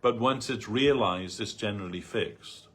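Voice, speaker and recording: A man's voice: lowish voice, normal speed, fairly bright tone. A man giving a loose, anecdotal talk on a spiritual reading, full of "like" and "you know". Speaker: devotee speaker. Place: temple hall.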